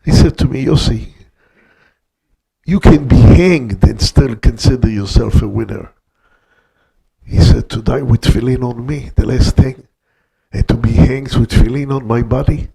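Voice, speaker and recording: An older man, a guest rabbi, telling a story in an emphatic way that swings between hushed passages and loud peaks. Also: medium pitch, lively intonation, unhurried, gravelly, husky. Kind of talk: dramatic storytelling talk.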